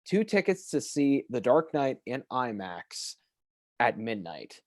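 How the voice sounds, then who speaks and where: Young man, earnest and emphatic chat, mid pitch, dry close mic. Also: big pitch swings, slow, a little mellow, no room sound. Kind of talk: casual chat.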